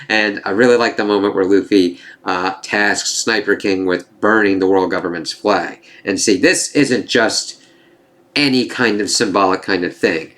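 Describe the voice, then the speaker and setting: A man with a slightly low voice talks through an anime season in a loose, unscripted review. He rambles with fillers and restarts. He swears freely and turns indignant at what the story's villains do. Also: moderate pace, fairly bright tone. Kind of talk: casual spoken review.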